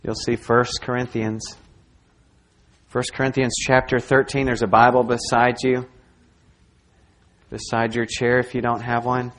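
A male pastor delivers a sermon at a church service in an unhurried, deliberate pace. He swings from loud, pressing emphasis down to hushed, near-whispered lines. His pitch sits in an ordinary middle range. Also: flat delivery.

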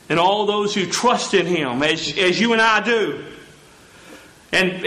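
A pastor preaching a sermon in a church, earnest and quoting scripture with frequent restarts. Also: male voice, high voice, pushed and bright. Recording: echoey church hall.

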